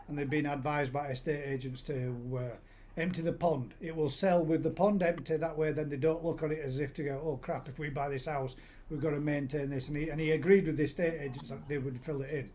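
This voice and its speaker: A man's voice: fairly high pitch, darkish tone, a little hiss or hum. Chatty man hosting. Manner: chatty, rambling storyteller with many restarts. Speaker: host. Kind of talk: casual chat. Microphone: live stream call.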